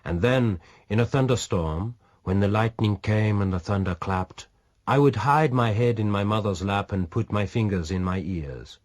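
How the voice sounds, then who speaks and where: A male audiobook reader voicing a daring pirate captain who teases with dry, calm confidence. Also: lowish voice, moderate pace, pitched above the performer's own voice, natural voice. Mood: mocking. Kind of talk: audiobook reading.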